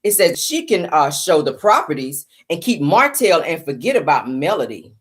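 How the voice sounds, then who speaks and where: Middle-aged woman, sarcastic gossip host, lively swooping pitch, drawn-out emphatic lines. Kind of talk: sassy celebrity gossip commentary.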